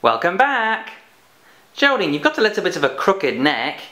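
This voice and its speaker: Woman, low voice, bouncy ups and downs, teasing children's phonics teacher. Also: big pitch swings, moderate pace, a bit bright. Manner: chatty, teasing teacher talking to a puppet. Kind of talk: playful children's phonics lesson.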